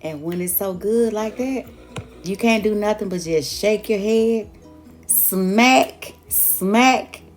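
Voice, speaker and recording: A woman's voice: mid-range voice, a little slow, darkish tone, faint music behind. An older woman hosting a cooking demonstration, exuberant and folksy, talking straight to her viewers. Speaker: cooking show host.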